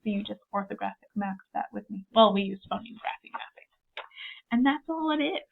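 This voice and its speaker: A woman's voice: medium pitch, expressive, brisk, vocal fry, breathy edge. Upbeat woman teaching on a thin line. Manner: upbeat, models student dialogue step by step. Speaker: teacher trainer. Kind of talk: instructional video lesson. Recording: narrow phone-like sound.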